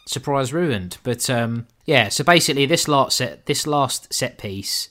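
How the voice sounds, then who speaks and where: A podcast co-host reviews a film in laid-back chat, swearing and jokingly mimicking characters. His medium-pitched voice is animated, measured in pace, and sounds pushed and bright.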